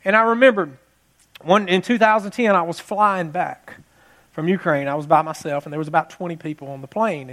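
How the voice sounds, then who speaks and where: A man with a notably high voice preaches in a loose, conversational way. He tells the story as he goes, repeats phrases, and builds to passionate emphasis as his points land. The feel is a pastor talking straight to his congregation. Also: a bit bright. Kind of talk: sermon with personal story.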